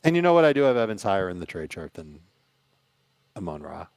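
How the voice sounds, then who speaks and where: Lower-voiced male co-host, measured and decisive, dry close sound. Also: very animated, a little mellow, dry recording. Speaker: podcast co-host. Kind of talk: casual sports chat.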